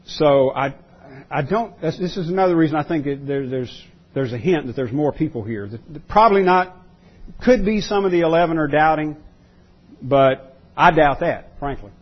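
Guy preaching, kinda high husky voice, keeps restarting and repeating words, dull lo-fi sound. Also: expressive, moderate pace. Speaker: pastor. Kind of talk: sermon.

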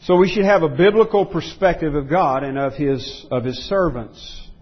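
Husky-voiced man preaching emphatically. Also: fairly high pitch, expressive, moderate pace, dull audio. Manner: emphatic preaching, repeats phrases for stress. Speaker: pastor. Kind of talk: sermon.

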